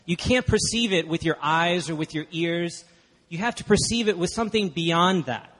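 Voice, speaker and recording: Guest-preaching in a church hall, a Texas man from Dallas engages the congregation in a chatty, emphatic way. He has a high, slightly bright voice at a moderate pace, with a long hall reverb behind him.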